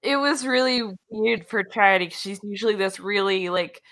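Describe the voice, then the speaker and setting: A woman's voice: medium pitch, normal speed, a bit bright. A woman chatting casually on a game podcast, describing a character with lots of "like". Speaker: player on a tabletop game podcast. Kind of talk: casual recap chat.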